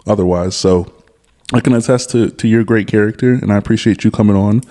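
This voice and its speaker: Male podcast host, dark warm tone, relaxed chat. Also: lowish voice, a little fast. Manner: relaxed, brief agreeing replies. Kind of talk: casual chat.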